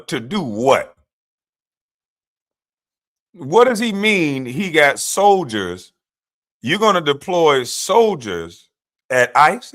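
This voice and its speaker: Guy ranting on his stream, pretty high voice that jumps all over, mocking and arguing with a clip. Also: fairly bright tone. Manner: combative, mocking, talks back to clips. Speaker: livestream commentator. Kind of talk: heated political commentary livestream.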